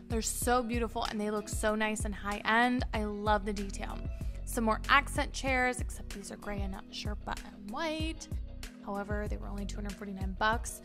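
A woman's voice: fairly high pitch, a bit bright. A young woman vlogger gushing with enthusiasm as she narrates a home decor shopping haul in a voiceover. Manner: enthusiastic, gushing over finds.

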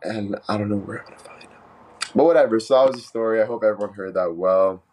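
Low-voiced man telling a joking story. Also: fast talker. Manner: animated, joking, swears freely. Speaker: live streamer. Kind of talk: casual live-stream storytelling.

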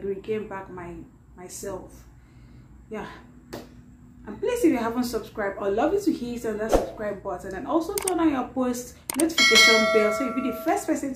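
Tearful woman in an echoey room. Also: mid-range voice. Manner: apologetic, halting, heavy use of "like". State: tearful after crying. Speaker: reaction video host. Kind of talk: emotional reaction vlog. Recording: echoey room with faint noise.

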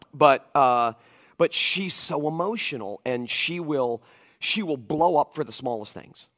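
Preaching a conference sermon, this male pastor speaks in a mid-range voice, lively and chatty as he tells stories.

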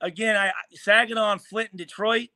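Bright, high-voiced man telling a heated story. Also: fairly even intonation, brisk, no echo. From Michigan, USA. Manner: profane, heated, acts out quoted lines. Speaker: guest, former pro football player. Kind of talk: animated storytelling.

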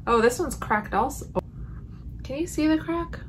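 A chatty woman vlogging at home, reacting out loud as she sniffs and reviews candles. Her voice sits a little high, with a faint hiss of noise behind it. She talks in a loose, animated way. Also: moderate pace. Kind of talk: casual haul vlog. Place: home room.

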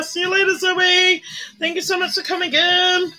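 A chatty livestreamer with a high, bright voice, talking casually while doing makeup. They greet viewers one after another and hum along. Faint music plays in the background. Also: little pitch movement, normal speed.

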